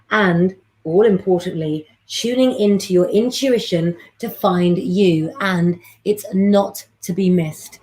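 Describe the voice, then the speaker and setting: A woman, hosting a live astrology stream and chatting with viewers in a rambling way. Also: mid-range voice. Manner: warm, chatty, rambling, gives readings to viewers by name.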